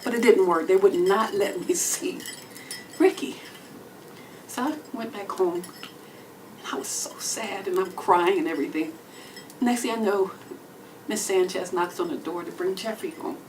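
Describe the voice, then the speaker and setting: A woman with a Texan accent tells a long comic story on a club stage, her voice dropping to near-whispers and then bursting out loud. She sits a bit back from the microphone, and faint room ambience hums behind her. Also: mid-range voice, measured pace, pauses often, distant mic, a little hiss or hum, low-quality recording. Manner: animated storytelling with swings between whispers and loud exclamations. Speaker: comedian. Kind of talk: storytelling stand-up solo show.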